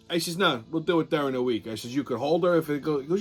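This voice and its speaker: A man's voice: on the high side, animated, fast, few pauses, faint music behind. A middle-aged man, hosting his show and telling a blunt, profane story in a casual monologue. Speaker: show host.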